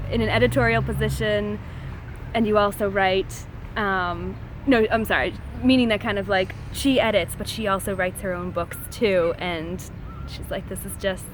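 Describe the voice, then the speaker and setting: A woman's voice: medium pitch, noisy background. A woman telling a story in a casual vlog, chatty, laughing often, and acting out what others said. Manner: chatty, laughs often, acts out quoted lines. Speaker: short story writer.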